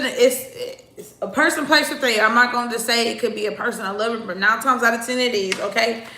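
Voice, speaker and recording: A woman's voice: medium pitch, pushed and bright, roomy sound, slight background noise. A woman doing a casual tarot reading, talking bluntly and chattily straight to her viewers, sometimes swearing. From United States. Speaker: tarot reader.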